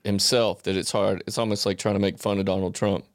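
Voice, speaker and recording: Podcast co-host, man, mid-pitched gravelly voice, laughs a lot, dry close mic. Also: flat delivery, fairly quick, no echo. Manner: self-deprecating, laughs often, hesitant restarts. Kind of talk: casual comedic chat.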